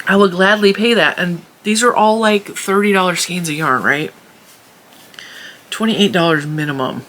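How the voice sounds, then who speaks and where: A woman chatting casually as a crochet vlogger, animated, laughing often and acting out what people said. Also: fairly low pitch, moderate pace. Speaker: crochet YouTuber. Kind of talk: casual chatty vlog storytelling. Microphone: camera in a room at home.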